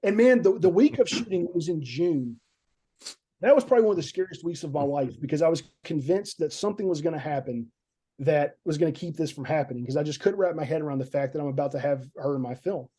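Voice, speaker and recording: A man's voice: on the high side, fast, mellow, husky. A man, a film director, telling a story in casual podcast chat, rambling and repeating words as he goes.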